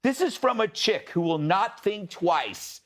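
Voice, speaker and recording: A man in a panel show's co-host chair delivers his take with sardonic, riffing asides. His voice sits somewhat high for a man and swings widely in pitch as he talks. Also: animated, fairly bright tone. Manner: sarcastic, riffing, quick asides. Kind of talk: opinionated panel discussion.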